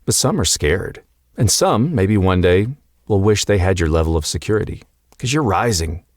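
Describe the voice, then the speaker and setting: A man hosting a podcast, giving a calm, earnest and encouraging motivational talk with slow, emphatic pauses. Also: low-pitched, dry recording, studio quality. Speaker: podcast host and coach.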